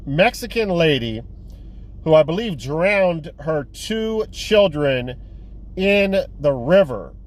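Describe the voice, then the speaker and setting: A man's voice: fairly high pitch, darkish tone. A young man casually rambling through a movie review, full of fillers, restarts and profanity. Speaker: physical media collector vlogger.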